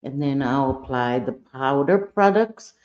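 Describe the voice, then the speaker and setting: A woman with a warm, mellow voice talks through her makeup routine in a relaxed, chatty way. She is candid and playful and throws in sassy little asides. The sound is a bit dull and lo-fi, like a home recording. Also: very deep voice, a little slow, slight background noise. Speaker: makeup vlogger. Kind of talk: casual makeup tutorial chat.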